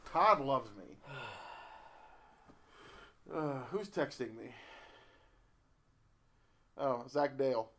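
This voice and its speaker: A man co-hosting a casual wrestling podcast who rambles, halting and restarting his sentences as he chats. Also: medium pitch, animated, pushed and bright, slight background noise. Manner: rambling, halting, self-interrupting. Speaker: podcast co-host.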